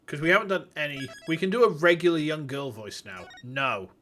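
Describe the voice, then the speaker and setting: A streamer giving casual, profane and excitable commentary while playing a game. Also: medium pitch, a little fast, soft background music. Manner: excitable, profane, bursts of loud laughter. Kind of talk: casual let's-play commentary.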